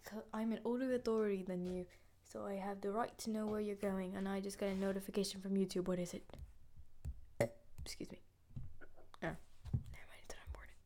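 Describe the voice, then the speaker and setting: A woman's voice: medium pitch, flat delivery, a little fast, long pauses, dark tone, a little hiss or hum. A young woman improvises a playful role-play. She narrates her character's actions in short present-tense bursts and breaks into giggles often.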